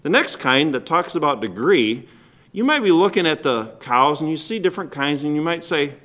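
A man preaching a sermon as pastor, asking the congregation rhetorical questions and swinging between loud stressed words and quiet drops. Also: fairly high pitch, lively intonation, normal speed.

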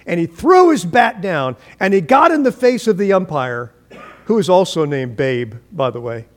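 A man's voice: sits high, sing-song, normal speed. A pastor preaching a sermon, telling stories dramatically and acting out the voices of the people he quotes. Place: church.

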